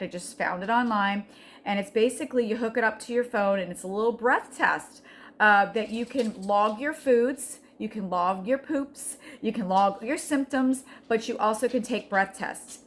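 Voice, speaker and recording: A woman's voice: medium pitch, slight background noise. A middle-aged woman in a casual, encouraging chat, earnest and talkative, often restarting with fillers. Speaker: vlogger sharing a health journey.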